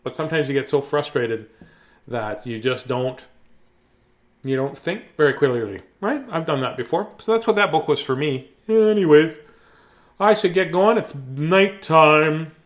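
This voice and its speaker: A man's voice: fairly high pitch, lively intonation, moderate pace. A man hosting a bedtime story show, chatting in a playful, rambling way with silly asides. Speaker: storybook reader and host. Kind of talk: casual bedtime story chat.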